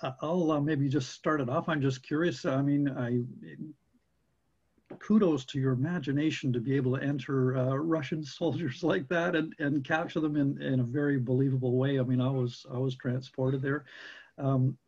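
A man moderating a live question-and-answer session, halting and friendly with many fillers. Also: mid-range voice, fairly even intonation, a little mellow, breathy edge. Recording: dull lo-fi recording.

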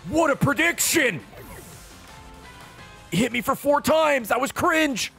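A man giving casual, profane commentary while streaming a video game, with excitable running reactions. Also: very high-pitched, slow pace, gravelly, soft background music.

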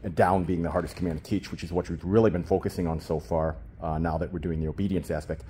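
A man's voice: quick pace, husky. A man explaining dog training in a casual lesson, talking into a camera he holds himself. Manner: switches between calm explanation and high-pitched baby talk praising the dog. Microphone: handheld camera.

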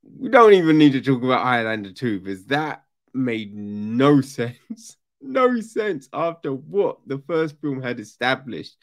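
Animated, swearing man ranting casually. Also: mid-range voice, unhurried, hardly any pauses. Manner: animated, profane, mocking voices of characters. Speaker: podcast host. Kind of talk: casual book review rant.

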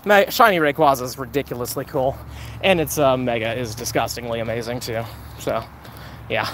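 A man's voice: medium pitch, normal speed, a bit bright, slight background noise. A man live-streaming a mobile game outdoors, chatting casually with viewers, joking and thanking donors.

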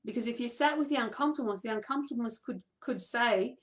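Talking quickly in a voice that's a bit high, this woman coach animatedly tells her audience a story from her life, performing the quoted dialogue and laughing again and again.

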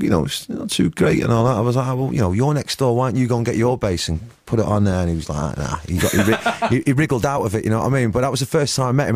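A man's voice: fairly low pitch, darkish tone, dry recording. A man in his forties with a Manchester accent, chatting as a musician guest in a casual, rambling, slangy way. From England. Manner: rambling, slangy, keeps saying "you know what I mean". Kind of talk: casual interview chat.

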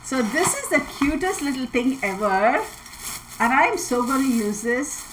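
Bubbly woman, excitable. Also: high-pitched, measured pace, heavy background noise. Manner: bubbly, excitable, laughs often. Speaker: tarot channel host. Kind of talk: casual livestream chat.

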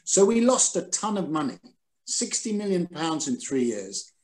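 A man in his sixties, a former editor, telling stories over a video call with animated, self-deprecating energy. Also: a little high, normal speed. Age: 60s. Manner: animated, self-deprecating, quotes others dramatically. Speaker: guest, former newspaper editor. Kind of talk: recalled anecdotes in a Zoom conversation.

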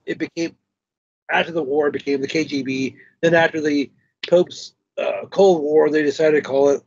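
Guy hosting a stream, kinda husky, voice on the high side, tells long stories, muffled lo-fi sound. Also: fairly even intonation, normal speed, no room sound. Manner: storytelling, retells others' words at length. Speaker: stream host. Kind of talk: casual conversation.

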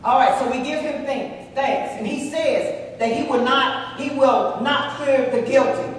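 A woman church elder with a Texan accent preaching a sermon and telling a personal story, with lively calls to the congregation. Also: high voice, measured pace, a little hiss or hum. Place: church sanctuary. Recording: echoey church hall from far off.

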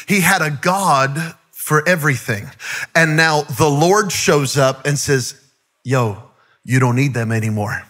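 A man preaching an energetic sermon as guest pastor, with rising fervor and shouted calls to the crowd. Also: mid-range voice.

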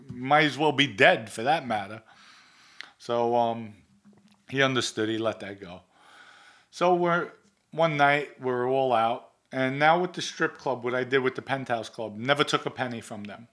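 A man's voice: medium pitch, a little slow, fairly bright tone. A middle-aged man, storytelling in a blunt, profane, streetwise way. He acts out old arguments, taking both parts himself. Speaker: guest telling stories. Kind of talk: casual storytelling.

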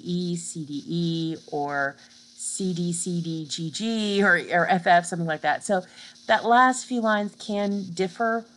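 Woman lecturer, somewhat low voice, relaxed recorded-lecture delivery with constant "right?" check-ins. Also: a little hiss or hum, poor audio. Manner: explanatory, checks in with frequent "right?"; casual teaching with fillers. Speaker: literature lecturer. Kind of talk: recorded online lecture over slides.

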